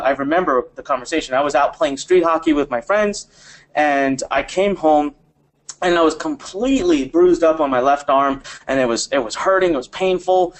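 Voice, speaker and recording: A man hosts a live motivational webinar. He speaks emphatically, circles back on his phrases and talks straight to the viewers. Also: on the high side. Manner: emphatic, repeats phrases, addresses viewers directly. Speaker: webinar host.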